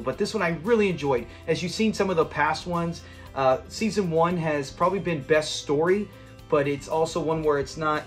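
A chatty, high-voiced man hosts a channel reviewing a sitcom episode, rambling, laughing often and acting out quotes from scenes.

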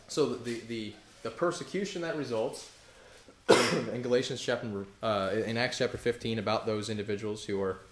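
A man preaching a sermon as pastor, animated and emphatic, rising to loud peaks and acting out the voices of objectors. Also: medium pitch, moderate pace, echoey room, slight background noise. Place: church hall.

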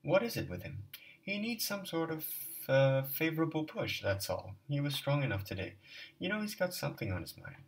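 A calm, knowing doctor, as a man reads him, measured and insistent. His voice rides a little higher than the reader's own and sits back from the mic. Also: distant mic. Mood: concerned.

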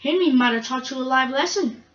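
A woman's voice: high-pitched, brisk, fairly bright tone, echoey room, far from the mic, lo-fi sound. A woman voicing a cross, bossy male railway controller in a fan-made toy train story.

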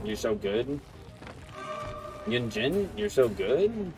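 A man commentates his gameplay in a casual, joking way, taunting and teasing his opponents as he plays. His pitch rises and falls with lots of energy. Game music plays clearly behind his voice. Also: very animated, slow. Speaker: gaming streamer. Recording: game music playing under the voice.

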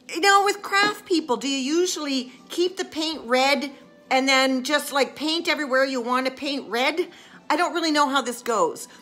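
High-pitched, bright-voiced chatty woman. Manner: chatty, self-mocking, bursts into excited squeals. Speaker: live-stream vlogger. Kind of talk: casual live-stream craft chat.

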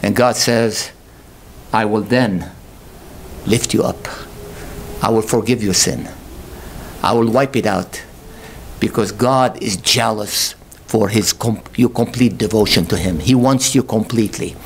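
A male pastor delivering a sermon, questioning his congregation and rising to slow, emphatic peaks. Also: slight background noise. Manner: impassioned, swells to high emphatic peaks, slow drawn-out stresses; calls out rhetorical questions to the congregation.

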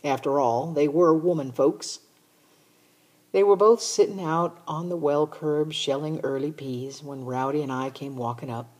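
A woman reading a children's novel aloud in a steady first-person narration. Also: low-pitched, measured pace. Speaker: audiobook reader. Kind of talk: storybook narration.

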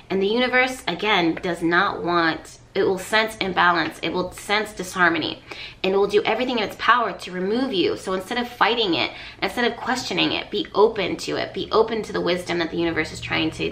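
Female astrologer, earnest coaching delivery with emphatic repeats; lowish, bright voice. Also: creaky, a little hiss or hum. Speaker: astrologer and tarot reader. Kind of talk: casual spoken astrology reading.

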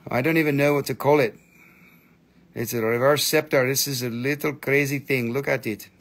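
Gravelly, excitable man selling crystals live. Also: medium pitch, moderate pace. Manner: chatty, excitable, crude jokes. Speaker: live-stream crystal seller. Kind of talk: casual live sales chat.

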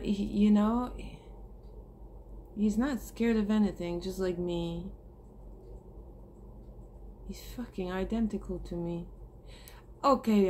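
A woman with a medium-pitched, darkish voice talks earnestly to her viewers over slight background noise. It's a heartfelt, emotional spiritual vlog, and she swears casually as she goes.

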